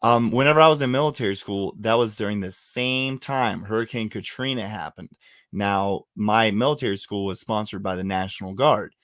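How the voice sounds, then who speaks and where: A man's voice: on the low side, moderate pace, a bit bright, dry recording, clean studio sound. A man hosting a podcast, chatting casually and telling stories in a profane, teasing way. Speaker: podcast host.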